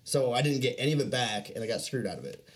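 A man's voice: medium pitch, expressive, fast talker. A young man telling rambling, profane stories in casual chat, laughing often.

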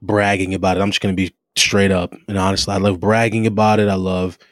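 In a studio-quality, dry recording, a man with a low voice and level tone co-hosts a laid-back gaming podcast. He's eager, stretches words out for emphasis, and restarts often.

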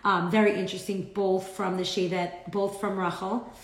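A woman's voice: mid-range voice, flat delivery, normal speed, echoey room. A woman giving a casual Torah class, talking in a chatty way with many "like" fillers. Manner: chatty, frequent "like" fillers, acts out quotes. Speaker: Torah teacher.

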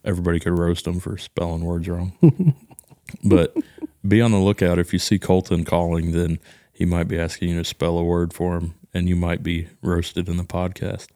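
Low-voiced Texan man, casual podcast host. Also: steady tone, normal speed, dark tone, no room sound, clean studio sound. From Texas. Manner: joking, mimics voices in quotes.

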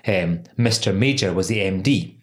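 A man's voice: sits low, moderate pace. A man hosting a legal podcast, chatty and laughing often, with many "um"s. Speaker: podcast host, employment lawyer. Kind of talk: casual legal podcast chat.

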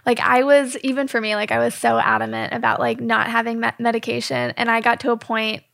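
A woman's voice: on the high side, big pitch swings, fairly quick, vocal fry, a bit bright. A woman hosting a casual chat, supportive, with frequent affirming murmurs. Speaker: podcast host.

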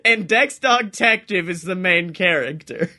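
A high, bright male voice bounces through casual comedy podcast banter. He gets excitable fast, laughs easily and swears freely while riffing on silly ideas. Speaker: podcast co-host.

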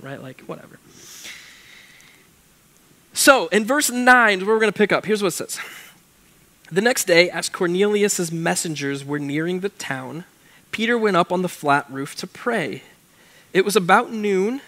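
A man's voice: high-pitched, a bit bright. A young man preaching a casual sermon, reading scripture aloud and breaking off into chatty, joking asides. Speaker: pastor.

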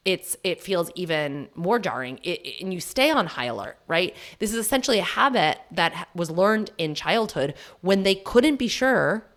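Chatty woman in her thirties, low voice. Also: big pitch swings, moderate pace, few pauses, fairly bright tone. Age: 30s. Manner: chatty and candid, laughs often, asks rhetorical questions. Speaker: podcast host. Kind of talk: casual solo podcast talk.

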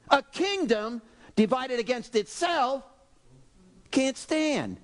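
A male pastor preaching a sermon, animated and exclaiming, acting out voices from the story. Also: high-pitched, measured pace.

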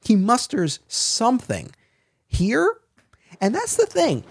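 A man's voice: extremely high pitch, slow pace, vocal fry, slightly rough. Enthusiastic man in podcast chat. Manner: enthusiastic, animated retelling. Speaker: podcast co-host. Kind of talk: casual chat.

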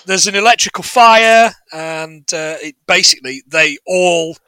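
Podcast co-host, male, high bright voice, dry close sound, sardonic and sweary. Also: measured pace, smooth, dry recording. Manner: sardonic, sweary, laughs at his own jokes. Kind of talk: casual film recap chat.

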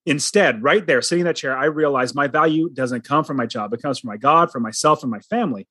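A man's voice: on the high side, fast talker, pushed and bright, no echo. A middle-aged man telling his personal story as a guest, earnest and dramatic, acting out the lines he quotes.

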